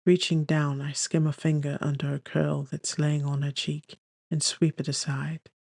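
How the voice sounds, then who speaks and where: A man narrating a first-person romance audiobook in a gentle, unhurried storytelling manner on a close studio mic. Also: on the high side, level tone, gravelly, dry recording.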